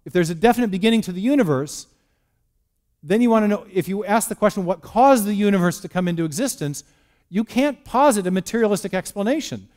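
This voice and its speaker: A man's voice: sits high, animated, fast, darkish tone. A man giving a lecture on science and faith in a church, telling it as a story with restarts and rhetorical questions. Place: church hall.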